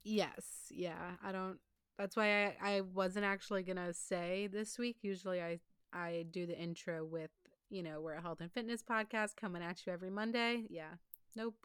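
A woman's voice: lowish voice, steady tone, moderate pace, fairly bright tone, smooth. A young woman hosting a podcast, chatting in an easygoing, agreeable way with light jokes. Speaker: podcast host. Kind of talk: casual chat.

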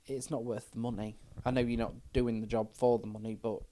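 A woman's voice: rumbling low, level tone, a little fast, warm tone. A middle-aged trans woman, talking frankly as a podcast guest and telling stories with quoted dialogue. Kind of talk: casual chat.

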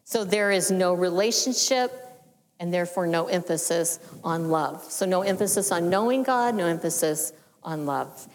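A woman delivers a church sermon teaching in a measured, explanatory style, her phrases often sinking soft and low at the end. A long reverb surrounds her voice, as if she were in a large hall.

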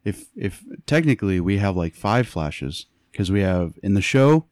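A man co-hosting a casual chat, excitable and acting out scenes in quick voices. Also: sits low, dry recording, studio quality. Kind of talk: casual chat about superhero movies.

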